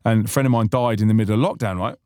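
A man's voice: on the low side, very fast, a little mellow, clean tone, no room sound, clean studio sound. A man hosting a podcast, chatting casually and earnestly, rambling with many restarts. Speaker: podcast host and musician. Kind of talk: casual reflective chat.

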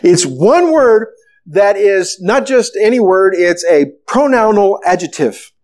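A man preaching a sermon, retelling a story with animated, storytelling delivery. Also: high-pitched, takes it slowly. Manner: animated storytelling, acting out the disciples' panic. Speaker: pastor.

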